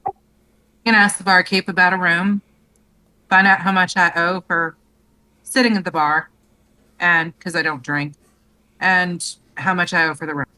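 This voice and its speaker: Bright, low-voiced woman at the game table. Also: steady tone, normal speed, long pauses, poor audio. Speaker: player. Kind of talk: casual tabletop game play.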